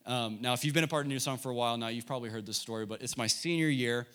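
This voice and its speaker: An earnest young man preaching to a youth group, mid-range in pitch. He tells a personal story openly and directly, speaking straight to his listeners. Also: very fast, a bit bright, clear, resonant tone. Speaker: youth pastor. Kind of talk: sermon.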